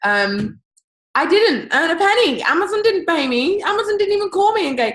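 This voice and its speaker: A young woman talks in a bouncy, chatty way, her voice jumping up high for emphasis as she makes her pitch on a call. She sounds like she's at home, with her voice ringing around a bare, echoey room. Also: big pitch swings, a little fast, a bit bright. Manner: chatty and upbeat, big leaps in pitch, playful asides. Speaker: business team presenter on a group call. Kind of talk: animated sales pitch to a call audience. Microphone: computer or phone on a call.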